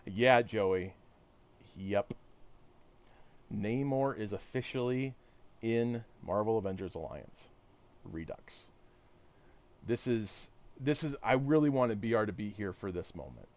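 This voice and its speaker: A man's voice: lowish voice, lively intonation, slow, pauses often, a little mellow. A man streaming a video game, chatting casually with viewers and poking fun at himself. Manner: chatty, self-deprecating, talks to chat. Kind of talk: casual live-stream chat while gaming.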